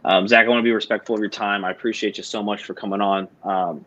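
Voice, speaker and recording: A man's voice: fairly low pitch, fairly even intonation, fast, a bit bright. A man hosting a podcast, interviewing a guest in a friendly, appreciative way. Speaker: podcast host. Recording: dull lo-fi sound.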